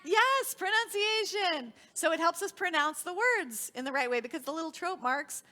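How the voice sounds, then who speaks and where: A woman's voice: extremely high pitch, expressive, normal speed, sharp tone. A woman leading a children's worship service, cheerfully quizzing the children and teaching them as she goes. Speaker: song leader teaching children. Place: synagogue sanctuary.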